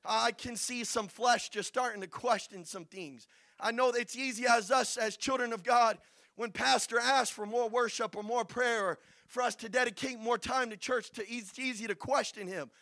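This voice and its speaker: A young man preaching a sermon, telling Bible stories with acted-out voices and building to shouts. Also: high-pitched, fairly even intonation, normal speed, no room sound. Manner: storytelling, acting out Bible figures, builds to shouting.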